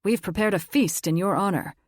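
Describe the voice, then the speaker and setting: A woman's voice: mid-range voice, a little fast, dry recording, close to an everyday voice. A big, jovial werewolf cook, cheerful and welcoming, as a woman narrator plays him. He speaks in a dry, close storybook read. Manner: warm, cheerful.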